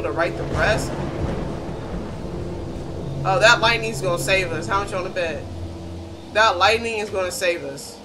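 A woman's voice: lowish voice, normal speed, long pauses, over music, rough recording. A woman hosting a horror game let's-play, talking casually with viewers and repeating panicked phrases over and over. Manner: casual slangy chatter with viewers. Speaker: gaming channel host.

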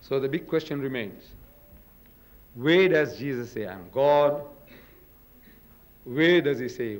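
An older man giving a religious lecture at a podium in a hall, dramatic, with booming quotes and rhetorical questions. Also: lively intonation, slow, pauses often.

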